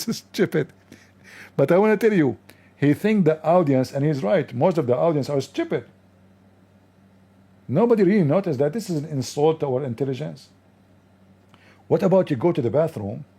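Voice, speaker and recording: A man with a gravelly, fry-edged voice that sits fairly high yet sounds mellow and dark. He hosts a livestream, mocking a video with scornful sarcasm and loud, exaggerated disbelief, in loose, non-standard English. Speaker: livestream host.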